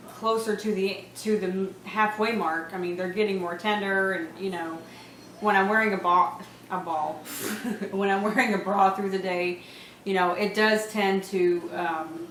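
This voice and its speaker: A woman in her thirties talks through a casual home vlog at an ordinary pitch. She rambles, laughs often and leans on fillers. The room sounds echoey, with a faint hum behind her. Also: a bit bright. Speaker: vlogger. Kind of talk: casual pregnancy update vlog.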